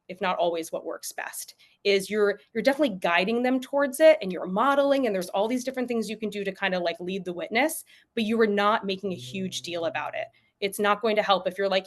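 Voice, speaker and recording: A young adult woman, a pediatric expert, giving casual, chatty advice over a video call and often acting out parents and toddlers in quick voices. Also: mid-range voice. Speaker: pediatric sleep and potty training expert. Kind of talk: presenting tips at a virtual event.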